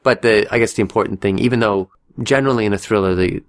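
A man with a fairly low voice chats casually as a podcast co-host. He rambles and restarts his sentences, and slips in dry jokes as he talks through films. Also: fast. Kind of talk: casual chat about movies.

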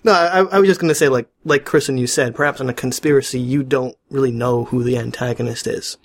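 A man's voice: medium pitch, fairly even intonation, fast talker. A man co-hosting a casual podcast about movies, joking around and laughing easily. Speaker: podcast co-host.

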